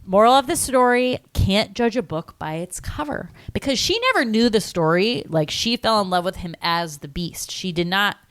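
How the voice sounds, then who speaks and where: A woman co-hosting a podcast, telling a film's plot in a rambling, animated way full of fillers. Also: mid-range voice, moderate pace, few pauses, no room sound. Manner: rambling and animated, lots of likes and ums. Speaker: podcast co-host. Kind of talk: casual chat, recapping a film.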